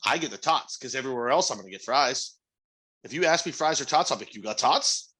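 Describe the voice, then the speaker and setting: A man's voice: mid-range voice, animated, fast, pushed and bright, husky. A man co-hosting a podcast, talking in a casual, opinionated way and swearing freely. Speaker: podcast co-host. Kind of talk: casual chat.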